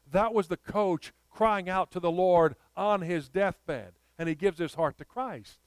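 A man's voice: high-pitched, a little slow, few pauses, clear, resonant tone, no echo. Impassioned preacher man. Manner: impassioned, storytelling, rising to emphatic. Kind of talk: sermon.

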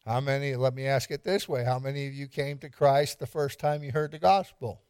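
A man's voice: mid-range voice, steady tone, fairly quick, a little mellow, clean tone, no room sound, studio quality. A man pastor giving an interactive evening sermon, quizzing the congregation and repeating lines for emphasis with light humor.

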